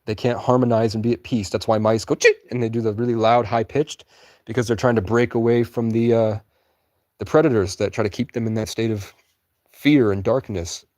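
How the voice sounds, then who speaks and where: A man's voice: steady tone, fairly quick, a little mellow. Rambling young man streaming from the woods. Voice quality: fairly high-pitched for a man. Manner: loose, meandering, swears casually. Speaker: livestreamer. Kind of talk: rambling live-stream chat. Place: outdoors in woods at night.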